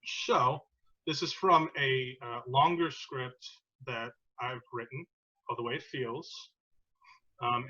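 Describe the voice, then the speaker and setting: A man's voice: medium pitch, pushed and bright. A man hosting a podcast in casual chat, joking and self-deprecating, with many ums. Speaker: podcast host. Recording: dull lo-fi sound.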